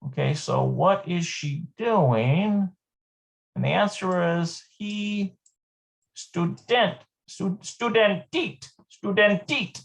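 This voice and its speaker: A Hebrew teacher giving a live online lesson, thinking aloud, hesitant and repeating words slowly. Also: medium pitch, creaky.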